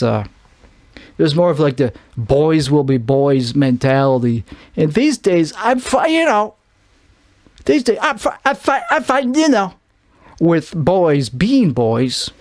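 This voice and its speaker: A man's voice: fairly high pitch, a little mellow, no room sound. A man from Chicago with a Chicago accent, rambling through a solo podcast monologue, often restarting and trailing off. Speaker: podcast host.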